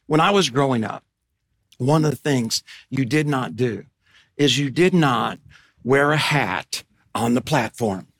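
A middle-aged man preaching a sermon as pastor, animated, swinging between loud emphatic bursts and hushed asides. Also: mid-range voice, a little slow.

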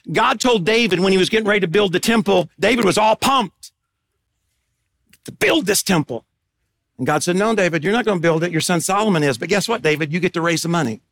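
A middle-aged male pastor delivering a sermon in a notably high voice. He preaches with animation, swinging from loud emphatic bursts to hushed, low asides.

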